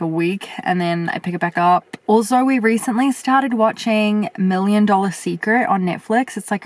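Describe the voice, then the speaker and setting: A young woman vlogging casually as she answers viewer questions, chatty and reflective, with lots of fillers and a voice that turns a little husky at times. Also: fairly low pitch, dry recording. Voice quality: sometimes husky. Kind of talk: casual chat.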